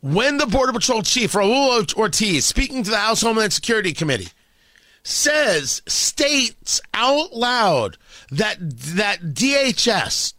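On a radio show, a male host delivers a sarcastic opinion monologue in a fairly high voice that jumps around in lively swings of pitch, a little slowly. He's emphatic, bright and cutting, repeating phrases for effect, and the studio sound is dry and close with no echo.

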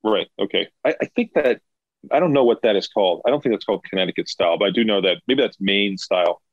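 A man's voice: on the low side, quick pace, no room sound. A man co-hosting a podcast in casual chat, emphatic and opinionated. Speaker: podcast co-host. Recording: dull lo-fi dry sound.

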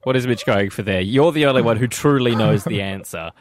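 Laughing radio quiz host. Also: male voice, on the low side, brisk, slight background noise. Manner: laughs often, teasing quizmaster.

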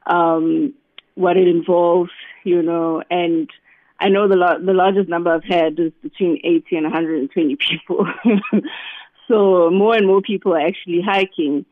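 A guest speaking over the phone in a relaxed interview, often saying "you know". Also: mid-range voice, moderate pace, no room sound. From South Africa. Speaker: guest, business founder. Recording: tinny phone line.

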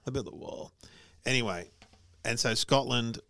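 A man's voice: mid-range voice, moderate pace, creaky, bright, forceful tone. A man in casual chat who repeats himself and trails off mid-sentence.

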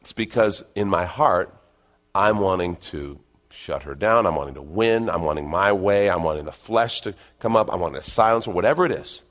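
A middle-aged man preaching a sermon, animated, sometimes dropping to a quiet, intense voice and acting out inner voices. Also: deep voice, normal speed. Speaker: pastor.

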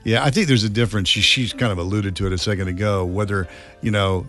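Easygoing low-voiced radio host. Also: male voice, steady tone, quick pace, a bit bright. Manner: easygoing, agreeable, laughs along. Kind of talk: casual morning radio chat.

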